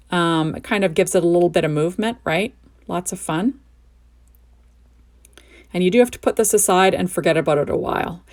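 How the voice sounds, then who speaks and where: A woman's voice: fairly low pitch, creaky. A woman hosting a crafting tutorial, explaining each step in a chatty, enthusiastic way and often asking "right?". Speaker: crafting video host. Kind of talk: card-making tutorial narration.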